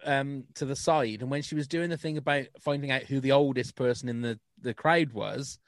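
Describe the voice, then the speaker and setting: A man's voice: mid-range voice, fairly even intonation, moderate pace, dry recording, studio quality. A man co-hosting a casual chat, easygoing, with hesitant restarts and the odd swear word. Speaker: podcast co-host.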